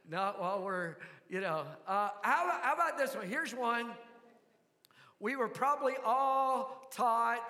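A man's voice: sits high, vocal fry, pushed and bright, in a large hall. An older man with a Southern US accent preaching a sermon, folksy and asking the congregation questions. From American South. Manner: folksy, asks the crowd questions. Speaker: pastor.

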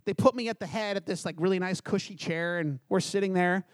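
A man's voice: high voice, fairly quick, no room sound, clean studio sound. A middle-aged man from Canada preaching a sermon, telling a personal story with humor and acting out the dialogue. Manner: animated, acts out dialogue, self-deprecating humor. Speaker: pastor.

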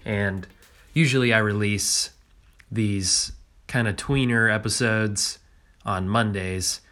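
A man hosts a solo podcast, his voice thick and congested from illness. His tone is bright and forward, sitting a little low in pitch. He rambles casually, restarting phrases and leaning on fillers as he thinks aloud. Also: steady tone, takes it slowly, faint music behind. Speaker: podcast host.

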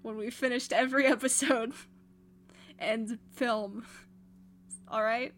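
Chatty woman with a high voice. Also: steady tone, takes it slowly, a bit bright, slight background noise. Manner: rambling, hesitant, many fillers. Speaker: podcast co-host. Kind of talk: casual chat.

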